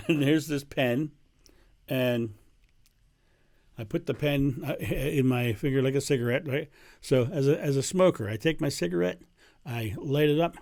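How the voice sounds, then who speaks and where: A man's voice: mid-range voice, a little mellow, no echo. Man, spiritual teacher, rambling casual talk, dry close sound, many restarts. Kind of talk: casual spoken talk to camera.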